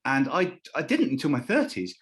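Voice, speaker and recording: A man's voice: mid-range voice, huge pitch swings, normal speed, fairly bright tone. A man, a comedian on a live panel, telling a rambling anecdote that keeps interrupting itself and acts out the people he quotes. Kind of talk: comic storytelling on a live panel.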